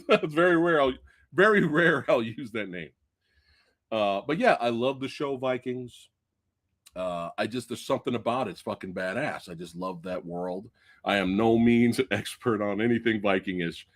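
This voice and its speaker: This is a male host of a live movie review stream who talks in a loose, chatty way and drops swear words without a second thought. His pitch swings widely as his excitement builds. He speaks straight to the viewers at home. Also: moderate pace. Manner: chatty, addresses viewers directly. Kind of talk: casual live-stream chat.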